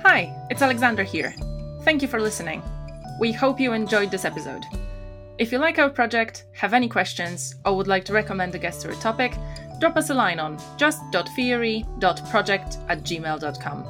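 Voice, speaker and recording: A woman co-hosting a podcast, chatty and quick to laugh, who also reads the closing outro. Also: mid-range voice, expressive, over music. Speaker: podcast co-host. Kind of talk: casual chat and scripted outro.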